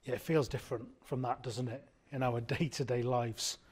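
A man preaching an evening sermon, earnest and emphatic, repeating key words and slowing down to stress them. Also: mid-range voice, fairly even intonation, darkish tone, slightly rough.

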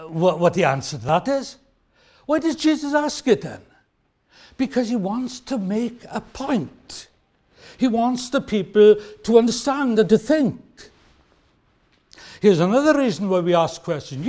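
Lively high-voiced male preacher. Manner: expressive, acts out quoted questions, emphatic slowdowns. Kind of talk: sermon.

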